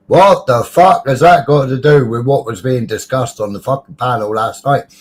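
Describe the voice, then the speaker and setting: A man, ranting and swearing in casual panel chat, often pausing on fillers. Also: mid-range voice. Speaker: live-stream panel chatter.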